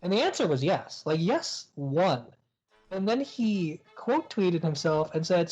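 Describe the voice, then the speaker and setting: A man's voice: high-pitched, sing-song, unhurried, a little mellow. A man on a casual podcast ranting with incredulous exasperation. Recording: dull lo-fi audio with faint music.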